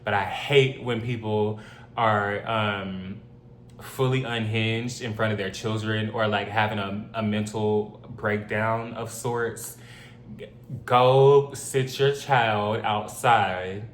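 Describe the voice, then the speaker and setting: A man reading a story aloud and reacting to it in casual commentary, blunt and opinionated with joking asides. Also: lowish voice. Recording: roomy echo, faint hum.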